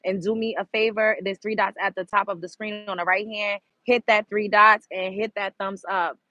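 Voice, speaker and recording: A young adult woman hosting her own online show, talking in a blunt, animated casual monologue and swearing freely. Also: mid-range voice, normal speed, no echo, dull audio.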